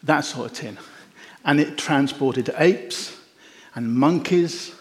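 A man preaching a sermon, telling the story in an animated way with wry jokes. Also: on the high side. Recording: echoey hall.

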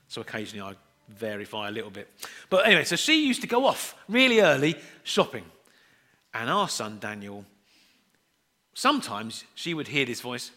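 A man's voice: mid-range voice, very animated, normal speed, pushed and bright. A middle-aged man preaching a sermon, telling chatty, self-deprecating family stories and acting out the voices in them.

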